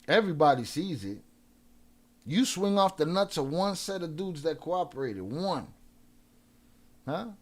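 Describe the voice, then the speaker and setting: A man is hosting a live stream and chatting casually in a slightly high, sing-song voice. He's profane and combative, trash-talking trolls with lots of swearing, and his quick shout-outs are full of restarts.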